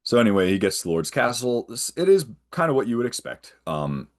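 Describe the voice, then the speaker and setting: A man's voice: mid-range voice, very animated, brisk. A man guesting on a podcast, casually retelling a film's plot in a rambling way and often tagging on "right?". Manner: rambling, checks in with frequent "right?". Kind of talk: casual film recap.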